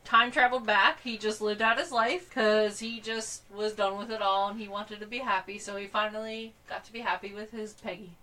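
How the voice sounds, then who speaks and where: A woman's voice: medium pitch, steady tone, moderate pace, hardly any pauses, sharp tone, far from the mic, rough recording. A woman co-hosting a casual movie chat, agreeable and brief. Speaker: podcast co-host.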